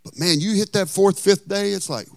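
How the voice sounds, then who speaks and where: A middle-aged man preaching a sermon as pastor, animated and folksy, with humorous asides. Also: high voice, normal speed, vocal fry, no room sound.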